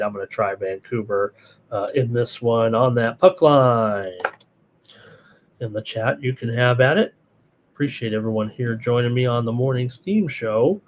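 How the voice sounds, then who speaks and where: A man's voice: medium pitch, a little hiss or hum. A middle-aged man hosting a live sports betting show, rambling through picks and viewer chat with lots of fillers and restarts. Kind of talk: live solo betting analysis, reading chat.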